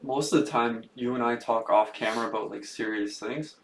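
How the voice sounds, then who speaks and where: A man's voice: mid-range voice, fairly even intonation, a little fast. A man with a middling voice talks loosely on a podcast, with frequent fillers and false starts. The room is echoey, and a faint hum sits underneath. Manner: loose, hesitant, many fillers. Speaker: podcast co-host. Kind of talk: casual podcast conversation. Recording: roomy echo with faint hum.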